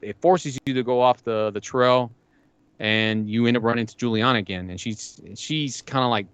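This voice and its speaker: A man's voice: medium pitch, moderate pace, a bit bright, smooth, dry recording. Rambling podcast man, dry close sound. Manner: rambling, retells game scenes with quoted lines and swearing. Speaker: podcast co-host. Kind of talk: casual gaming chat.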